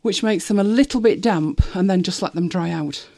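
A woman's voice: moderate pace, darkish tone. Chatty woman live-streaming from home. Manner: chatty, laughing, talks to her dog in a high sing-song. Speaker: vlogger. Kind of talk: casual live-stream chat.

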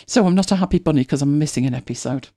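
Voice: mid-range voice, very fast, warm tone. A host with a British accent, chatting casually and rambling with many restarts. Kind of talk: casual chat.

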